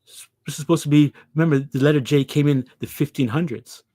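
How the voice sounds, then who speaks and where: A man's voice: fairly high pitch, a little fast, warm tone, dry recording, studio quality. A man preaching an impassioned scripture lesson, pressing his listeners with rhetorical questions. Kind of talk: impassioned religious teaching.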